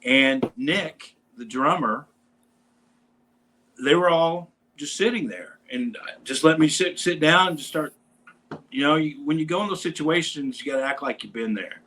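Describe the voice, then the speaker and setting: A man hosting a casual show, telling a rambling, animated anecdote about meeting a band. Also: fairly high pitch, a little slow, rough recording. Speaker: podcast host; bass player in a metal band. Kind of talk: casual storytelling chat.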